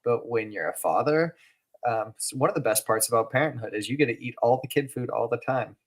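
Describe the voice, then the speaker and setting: A man's voice: mid-range voice, brisk. A man co-hosting a laid-back reaction podcast, with an ordinary mid-range voice. He talks loosely and conversationally, chuckling as he goes. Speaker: podcast co-host. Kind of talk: casual reaction chat.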